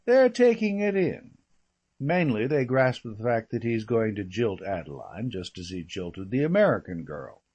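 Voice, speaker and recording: Man doing a breezy gossipy young gentleman. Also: on the low side, big pitch swings, measured pace. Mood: gossiping. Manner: rambling, breezy, full of slangy asides. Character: gossipy young English gentleman, chatty and flippant.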